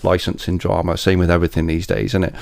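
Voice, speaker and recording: A middle-aged man, a promoter and DJ, chatting on a podcast in a relaxed, rambling way that often repeats words. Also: sits low, quick pace, creaky, dry recording. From England. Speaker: event promoter and DJ. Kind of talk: casual podcast interview.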